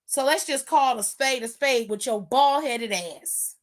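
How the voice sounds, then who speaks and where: A high-pitched woman, hosting in a loose, opinionated chat. She talks bluntly and with sass, swearing freely. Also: a little slow. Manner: blunt, sassy, profane, animated. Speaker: wrestling aftershow host. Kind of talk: casual opinionated recap.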